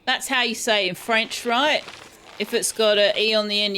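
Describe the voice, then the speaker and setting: A woman's voice: mid-range voice, animated, moderate pace, a bit bright. Chatty Australian woman streamer. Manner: chatty, musing, laughs easily. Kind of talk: casual gameplay chat with viewers. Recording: faint background music.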